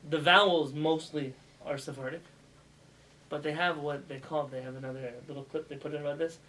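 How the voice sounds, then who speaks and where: Brief: male rabbi teaching a class, lively, quizzes the room, bright tone, faint background noise. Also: on the high side, a little fast, rough recording. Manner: animated, demonstrates pronunciations with raised voice; asks students questions as he teaches. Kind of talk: casual spoken lesson. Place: classroom with students.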